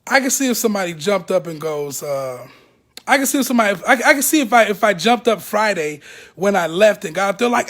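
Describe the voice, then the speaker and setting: A man's voice: high voice, quick pace. A man speaking to camera, emotional and blunt, animating the people he talks about. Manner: animated, acts out other people's words; blunt and profane. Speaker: ex-member speaking out.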